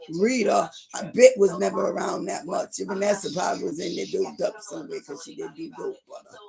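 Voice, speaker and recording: A middle-aged woman gossiping on a livestream in a rambling way, now and then breaking into loud outbursts. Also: fairly low pitch, vocal fry.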